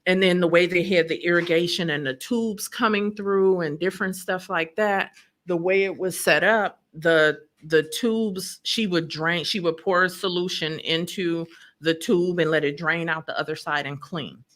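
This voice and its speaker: A woman's voice: fairly low pitch, moderate pace, fairly bright tone. A woman telling a personal story in an emotional, vivid way, acting out what people said. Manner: vivid storyteller who acts out quotes. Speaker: podcast guest telling her story.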